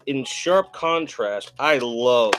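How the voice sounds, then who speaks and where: A man hosting a relaxed, chatty stream while unboxing toys and answering chat messages. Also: mid-range voice, takes it slowly, background noise. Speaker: host. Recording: faint background music.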